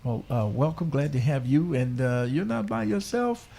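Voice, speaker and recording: Man hosting gospel radio, kinda high voice, lots of uhs, pitch jumps around. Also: big pitch swings, vocal fry, mellow. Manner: halting, many fillers, laughs easily. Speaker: radio host. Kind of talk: casual radio talk.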